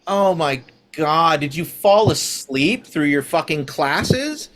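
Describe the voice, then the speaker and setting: A man's voice: sits high, big pitch swings, slow, a bit bright, voice pushed up, exaggerated voice. Man doing a whiny, scornful woman. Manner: whiny, swearing, lots of "like" and "you know". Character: irritable vacationing woman physicist, scornful.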